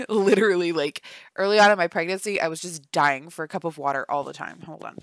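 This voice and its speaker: In a voice-only vlog recorded at home, a tired young woman chats casually, yawning and giggling as she pokes fun at herself. Her voice sits on the low side, fairly bright in tone, and she talks fairly quickly.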